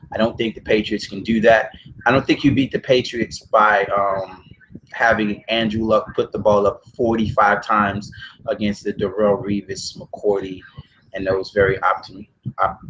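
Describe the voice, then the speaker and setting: A man's voice: on the low side, fairly bright tone, slight background noise, poor audio. A man vlogging emotional football talk, blunt and profane, often repeating himself as he restarts phrases. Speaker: sports vlogger. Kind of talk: emotional football commentary vlog.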